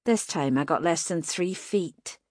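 A woman narrating a first-person fantasy audiobook in a tense, even manner. Her voice sits slightly low for a woman, and the recording is dry and close with no room sound. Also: unhurried, no echo.

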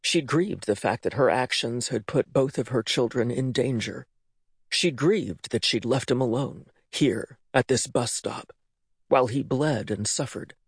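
A man reading an audiobook, narrating in an expressive, dramatic way. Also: medium pitch, measured pace, slightly rough, dry recording, studio quality. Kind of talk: scripted narration.

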